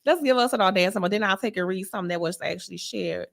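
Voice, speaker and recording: A woman, co-hosting a casual chat show and telling a blunt, animated story with frequent laughter. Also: mid-range voice, rapid-fire, vocal fry. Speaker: podcast co-host.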